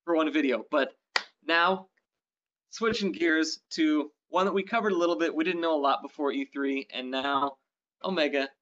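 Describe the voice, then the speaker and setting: Male gaming co-host, higher voice, rambling eager chat, lo-fi sound. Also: normal speed, fairly bright tone. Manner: rambling, enthusiastic, many ums and restarts. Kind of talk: casual game news chat. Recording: dull lo-fi sound.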